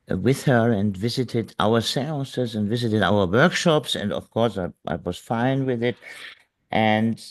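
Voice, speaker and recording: A man being interviewed as a guest, telling a story earnestly and haltingly, with many fillers and restarts. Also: on the low side. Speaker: guest physical medium.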